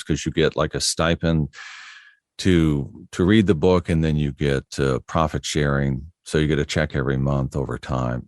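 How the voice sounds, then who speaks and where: With an extremely low-pitched voice, a middle-aged voiceover artist talks easily in a relaxed interview, telling anecdotes about his work and chuckling frequently. The clean studio sound has no room sound.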